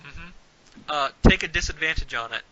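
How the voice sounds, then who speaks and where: A man's voice: fairly high pitch, moderate pace, dull audio. A man narrating as dungeon master in a tabletop game, with plenty of hesitant fillers. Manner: animated, hesitant fillers, puts on shouted voices for figures.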